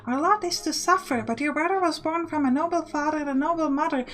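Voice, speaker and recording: A woman's voice: sits high, fast, a bit bright, soft background music, voice pushed up. A woman voicing a stern but caring commoner mother who lectures her son. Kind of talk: game text read aloud in character.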